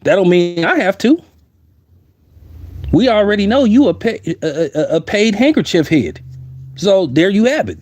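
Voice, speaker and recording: Guy ranting blunt opinions, voice a bit high, dry close mic, keeps repeating himself. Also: big pitch swings, measured pace, pauses often, a little mellow, dry recording. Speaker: commentator. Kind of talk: opinionated commentary.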